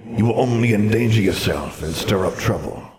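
A man's voice: lowish voice, expressive, normal speed, a little mellow, lightly acted. A man voicing a stern old male ghost who speaks in a formal, old-fashioned, reproving way.

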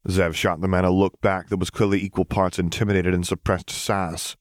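A man narrating a serialized fan fiction story in a steady, even reading voice. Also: deep voice, a little fast, dry recording, clean studio sound. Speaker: audiobook reader.

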